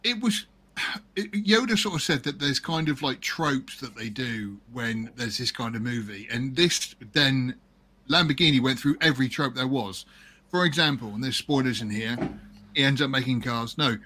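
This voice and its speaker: A man's voice: medium pitch, lively intonation, moderate pace, bright, forceful tone. A man co-hosting a casual movie chat on a live stream, rambling and hesitant with lots of ums. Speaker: podcast co-host.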